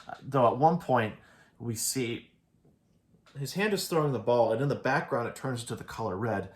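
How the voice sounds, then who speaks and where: A man with an ordinary mid-pitched voice talks through an anime episode in a loose, conversational way. He rambles through the plot, restarts his sentences and keeps dropping "like" as he goes. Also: normal speed. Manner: rambling, loose retelling peppered with "like". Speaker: anime reviewer. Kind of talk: casual episode analysis.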